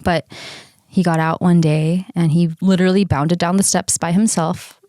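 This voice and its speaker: A woman's voice: lowish voice, fairly even intonation, normal speed, dark tone, no room sound. Podcast co-host, woman in her thirties, loose chatty storyteller who swears and laughs, dry close sound. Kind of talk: casual storytelling chat.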